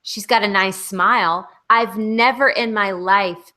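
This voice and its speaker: A woman's voice: mid-range voice, measured pace, bright, forceful tone. A woman co-hosting a casual online hangout over a video call, critiquing bluntly and with emphasis. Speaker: co-host.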